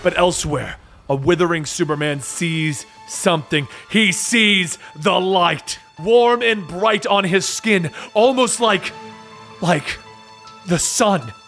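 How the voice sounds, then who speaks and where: A man with a fairly high, gravelly voice narrates a comic book story. His delivery is dramatic and rushing, and it builds to shouts, with faint music underneath.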